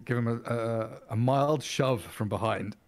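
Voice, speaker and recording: A man's voice: medium pitch, measured pace. A man playing a tabletop role-playing game, describing his character's actions in a playful, joking way. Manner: playful, laughs at own bluffs. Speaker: player. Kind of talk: tabletop role-play chat.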